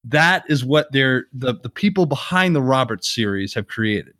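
A man's voice: mid-range voice, lively intonation, moderate pace, a bit bright. A man co-hosting a podcast, making dry, wry remarks in casual chat. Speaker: podcast co-host.

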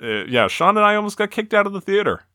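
A man's voice: high voice, sing-song, quick pace, bright, forceful tone, no echo, studio quality. A man co-hosting a podcast, telling a story in casual chat and chuckling as he goes. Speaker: podcast co-host.

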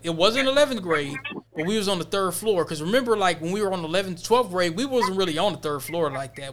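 A young man with a high, bright, ringing voice tells a story in casual podcast talk. He throws himself into the tale and acts out other people's lines as he goes. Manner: animated storyteller, acts out quotes with laughter. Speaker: podcast co-host.

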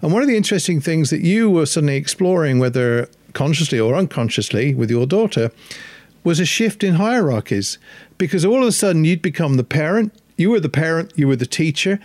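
A man's voice: on the high side, darkish tone, no room sound. A man in casual podcast chat, talking in a thoughtful, reflective way as he explains ideas.

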